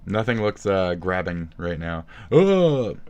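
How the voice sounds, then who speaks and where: A man's voice: low voice, moderate pace, lo-fi sound. A man giving rambling, sarcastic commentary about another streamer, cursing constantly and recording himself on his phone. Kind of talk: profane ranting commentary.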